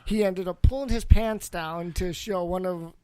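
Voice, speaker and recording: A man's voice: sits high, normal speed, dark tone, clean tone, no room sound. A man co-hosting a podcast in casual chat, easygoing and laughing often.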